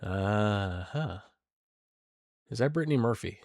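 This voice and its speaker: A man's voice: on the low side, expressive, takes it slowly, creaky, darkish tone, no room sound, studio quality. A man hosting a solo show, reacting off the cuff with crude, rambling jokes and mumbled asides. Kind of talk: casual reaction commentary.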